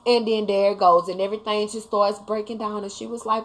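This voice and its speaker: A woman's voice: mid-range voice, steady tone, brisk, vocal fry, few pauses. A mother hosting a casual live talk, speaking emphatically and bluntly to her viewers, now and then swearing. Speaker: livestream host talking to viewers.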